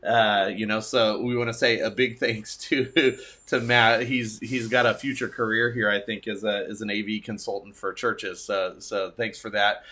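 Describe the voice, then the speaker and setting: A man's voice: on the low side, little pitch movement, moderate pace, pushed and bright. A man, a pastor, chatting casually on a livestream and thinking aloud in a rambling, good-humored way.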